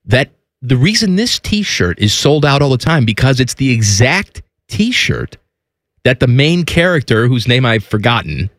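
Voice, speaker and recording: Male radio host, animated talker, lively pitch, dry close sound. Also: unhurried, no echo. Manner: animated, talkative storyteller. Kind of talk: casual radio banter.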